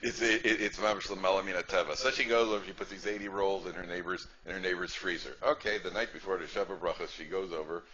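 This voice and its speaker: A man's voice: deep voice, fairly even intonation, fast, hardly any pauses, sharp tone. A male rabbi giving a humorous class, chatty and repetitive, often asking the audience "right?". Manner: chatty, repeats phrases, asks "right?". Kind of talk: humorous lecture storytelling. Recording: dull lo-fi lecture recording, faint noise.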